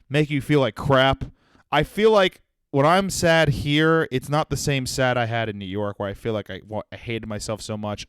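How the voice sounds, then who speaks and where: Profane, joking young comedy podcast host. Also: male voice, medium pitch, clean tone, no echo, clean studio sound. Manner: profane, self-deprecating, swings between jokes and sincerity. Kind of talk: solo comedic monologue.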